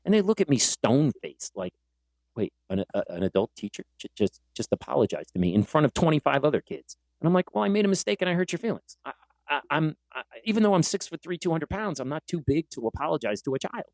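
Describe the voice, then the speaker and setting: This teacher and podcast host has a voice on the high side and talks a little fast on a dry recording. He spins casual stories with animation, performing the quoted lines himself.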